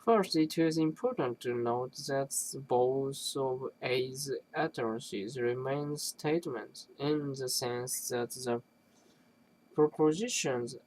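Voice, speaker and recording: A reader works through a dense academic passage at a very slow, deliberate pace, middling in pitch. They often stumble, restart phrases and correct themselves, pausing to clear their throat between passages. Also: a little mellow, a little hiss or hum, low-quality recording. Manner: halting, with restarts and self-corrections. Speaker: reader of a linguistics text. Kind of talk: reading an academic text aloud.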